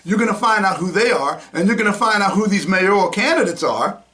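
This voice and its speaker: High-pitched, bright, and forceful, this man's expressive voice moves fairly quickly. As a podcast host on a talk show, he launches into heated, indignant rants, mocking people and calling them names.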